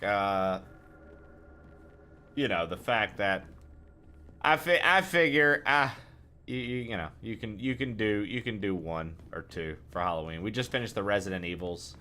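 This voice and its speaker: A man's voice: on the low side, pushed and bright, clean tone. Laid-back, rambling male game streamer. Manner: laid-back, rambling, swears freely, chats with viewers. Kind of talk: casual gaming stream chat.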